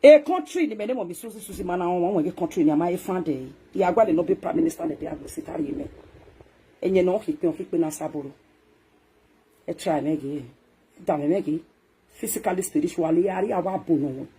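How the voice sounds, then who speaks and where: A woman with a Nigerian accent, a social media talk show host delivering a scolding, ranting monologue that swings between loud outbursts and hushed muttering. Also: lowish voice, fast, slightly rough.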